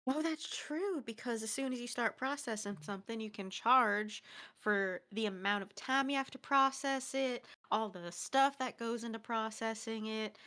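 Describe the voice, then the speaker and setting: A woman player chatting casually at a game table, quick to joke. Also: fairly high pitch, bright, forceful tone.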